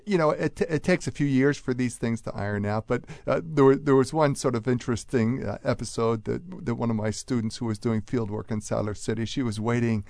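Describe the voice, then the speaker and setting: A man's voice: mid-range voice, fairly quick, creaky, hardly any pauses, a little mellow, dry recording. A man from Philadelphia, a radio show guest explaining how people speak, thoughtful with frequent uhs. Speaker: guest linguist. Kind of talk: radio interview.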